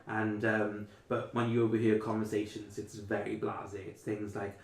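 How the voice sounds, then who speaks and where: A man's voice: lowish voice, completely flat delivery, moderate pace, vocal fry, a little mellow. Young guy dm rambling thru scene descriptions, lots of ums and likes, echoey room. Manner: rambling, filler-heavy describing. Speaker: dungeon master. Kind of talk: casual narration of a tabletop game. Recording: roomy echo.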